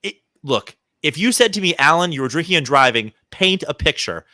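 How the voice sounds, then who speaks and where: Man, podcast co-host, lively storyteller, bright tone, dry close sound. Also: fairly high pitch, fairly quick, no echo. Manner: animated storyteller, acts out quoted people. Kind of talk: casual chat, storytelling.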